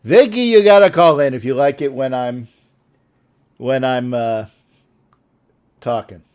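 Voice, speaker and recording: A man's voice: medium pitch, measured pace, darkish tone, clean tone. An older man hosting a sports show, rambling and joking with callers in a casual live-stream chat.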